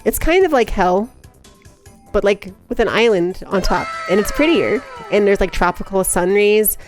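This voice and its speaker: A young woman livestreamer in casual chat, giggly and excitable, rambling chaotically to her viewers. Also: mid-range voice, normal speed, over music. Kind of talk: casual live-stream chat.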